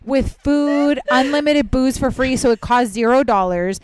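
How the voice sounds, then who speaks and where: Young woman comic telling a story, animated, lots of "like", smooth clear voice. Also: sits high, a little slow. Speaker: guest comedian. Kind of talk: casual podcast chat.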